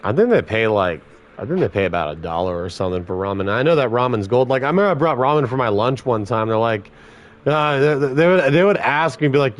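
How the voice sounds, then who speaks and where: A man's voice: medium pitch, expressive, quick pace. Blunt, profane man telling stories. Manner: blunt, heavily profane, laid-back. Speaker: former corrections officer. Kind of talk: casual storytelling on a podcast.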